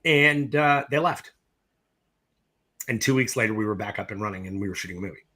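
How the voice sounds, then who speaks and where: A middle-aged man, a film director from the US East Coast, telling stories in a casual interview, animated and profane, acting out both sides of the conversations. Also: on the low side, brisk.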